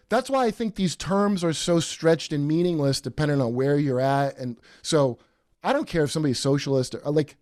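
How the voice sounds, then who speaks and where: A man hosting a podcast in casual chat, rambling and animated with many fillers and restarts. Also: on the high side, no echo, clean studio sound. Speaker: podcast host.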